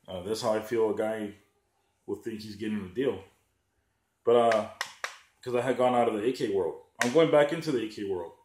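This gun channel vlogger speaks with a fairly low, slightly mellow voice at a moderate pace, pausing often, with slight background noise in an echoey room. Heated and sarcastic, he swears constantly and mocks people in a raised voice throughout his profane rant.

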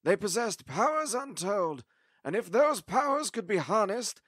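A grave, weary time-traveller, played by a man in a fan audio drama, his high voice set close and dry. He speaks with heavy emphasis, as if carrying the weight of a long war. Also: very animated, unhurried, fairly bright tone, slightly rough, no echo, heavily acted.

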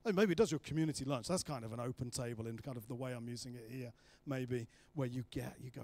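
A man preaching a sermon, telling the story with lively acted-out voices of the people in it. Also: medium pitch, fast talker, hardly any pauses. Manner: animated storytelling, acting out voices of the disciples.

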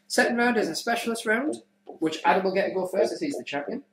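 A man's voice: sits high, expressive, fast talker, noisy background. Man, podcast host, rambling, giggly, echoey room. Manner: rambling, giggly, self-correcting. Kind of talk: casual comedy chat.

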